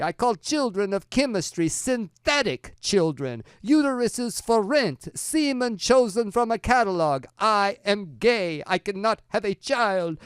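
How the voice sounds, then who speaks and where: A man's voice: sits high, clean tone, no room sound, studio quality, pitched above the performer's own voice. A man voicing a pompous middle-aged male Italian fashion designer in a mock Italian priest-comedian accent, making haughty, preachy declarations.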